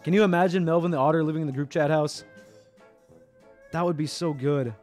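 A young man streaming, chatting casually to his viewers, excitable and animated, jumping from loud squeals down to quiet mumbles. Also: on the high side, fairly quick, soft background music. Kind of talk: casual livestream commentary.

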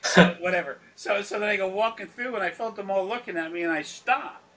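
A man's voice: high voice, fairly quick, a bit bright. A man telling rambling, profane anecdotes on a recorded consultation, laughing often and acting out the people he quotes. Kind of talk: casual storytelling on a recorded consultation. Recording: distant mic with faint background noise.

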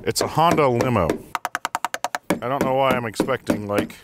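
A man's voice: medium pitch, moderate pace, pauses often, very noisy. A man hosting a casual garage vlog, chatting and laughing as he works on a car. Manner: chatty, amused, laughs while working. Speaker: garage host.

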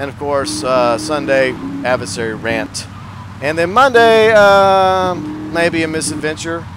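A man's voice: fairly high pitch, background noise. A man hosting a let's play, casually and playfully commenting on his game and joking with viewers. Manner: playful, jokey, talks to viewers. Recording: game sound audible behind the voice. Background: game car and city sounds.

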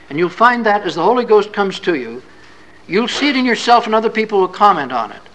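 A man's voice: high voice, fairly bright tone, dull audio, a little hiss or hum. A man giving a classroom scripture lecture in an earnest, folksy, conversational way. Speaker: religious lecturer.

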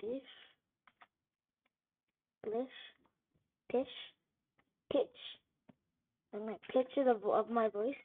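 A woman giving gameplay commentary, frustrated, swearing and yelling at the game. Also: on the high side, steady tone, very slow, long pauses. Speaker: gamer. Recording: tinny phone-like audio with faint noise.

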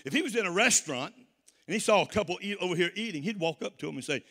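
A Southern-accented man delivers a sermon in a high, ringing voice. He calls to the congregation for amens and climbs into shouted praise. The sound carries a long church-hall reverb. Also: animated, fast talker. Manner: call-and-response preaching, rising to shouts. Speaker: preacher.

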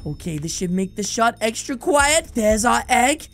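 A man giving excitable roleplay gameplay commentary, exclaiming and talking to his viewers. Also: very high-pitched, a little slow. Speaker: gaming YouTuber. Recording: game music underneath.

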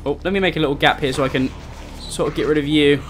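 A man's voice: a little high, quick pace, a bit bright, faint music behind. A young man giving let's-play commentary on a survival game, easily startled, yelping at enemies and cracking sarcastic jokes. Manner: jumpy, easily startled, yelps and pleads at zombies; jokey, sarcastic asides. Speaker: gaming YouTuber.

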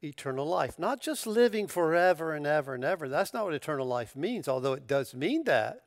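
A man preaching a sermon in an easygoing, conversational manner, his voice sitting a little high for a man. He restarts phrases and throws in casual slang, then lifts into bursts of emphatic excitement. The sound is close and dry. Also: brisk, dry recording. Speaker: pastor.

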